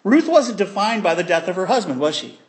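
Lively high-voiced preacher telling a story. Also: male voice, a little fast. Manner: animated storytelling with acted-out voices and sound effects. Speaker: pastor. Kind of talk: sermon.

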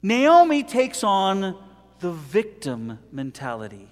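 Animated high-voiced male preacher. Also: slow, long reverb tail. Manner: animated, jokey, dramatic swings in volume. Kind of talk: sermon.

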